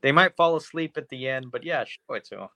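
A man with a bright, sharp voice chats in an offhand, relaxed way as a podcast co-host. His voice sits close and dry, with no room sound. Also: medium pitch, fairly quick, no room sound. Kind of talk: casual movie chat.

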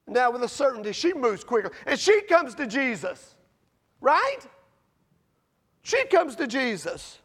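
A man preaching a sermon, full of rhetorical questions to the congregation and sharp swings between loud and quiet. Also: extremely high pitch, huge pitch swings, unhurried, long pauses. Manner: rises and drops sharply in loudness.

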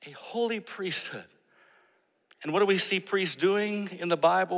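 A man preaching a sermon, telling a story and acting out the people in it with animated emphasis. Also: sits high, a little slow, in a large hall. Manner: storytelling, animated when quoting others. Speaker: pastor.

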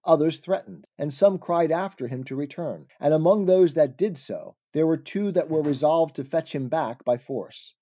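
Brief: measured male narrator reading archaic prose, dark mellow tone, dull lo-fi sound. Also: a little high. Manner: measured, formal, archaic phrasing. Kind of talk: scripted narration of an old allegory. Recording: dull lo-fi recording.

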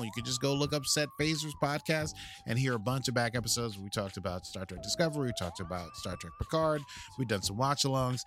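Lively, jokey American podcast co-host. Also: male voice. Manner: jokey, rambling, lively pitch. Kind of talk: casual chat.

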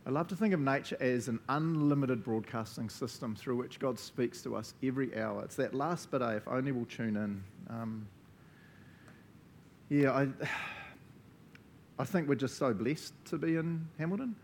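A man with a New Zealand accent leads a casual church session, asking the group questions and then praying. He sounds relaxed and chatty and ends many sentences with "eh?". His pitch sits in an ordinary middle range for a man. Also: a little slow, slight background noise. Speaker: church leader. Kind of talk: casual sermon with group discussion. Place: church gathering.

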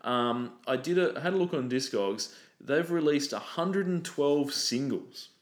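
A man's voice: mid-range voice, unhurried, reverberant. A man co-hosting a podcast in casual chat, sarcastic and sweary, rambling with fillers. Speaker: podcast co-host.

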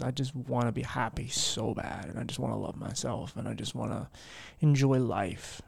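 Male podcast host at home, candid and rambling, gravelly voice in a dry room, worn down. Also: mid-range voice, no echo. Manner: rambling, candid, with frequent fillers and restarts. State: low-spirited and worn down. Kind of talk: candid solo podcast chat.

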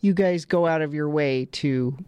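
A woman's voice: low voice, normal speed, mellow, clear, resonant tone, dry recording. A woman co-hosting a casual family chat, telling stories and laughing often. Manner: chatty storyteller, laughs often. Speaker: podcast co-host.

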